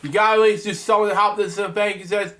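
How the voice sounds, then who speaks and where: Rambling high-voiced man reading a storybook. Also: fairly even intonation, fast, a bit bright. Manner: rambling asides, repeated "anyway". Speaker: host reading a children's book. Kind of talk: casual storybook reading with commentary.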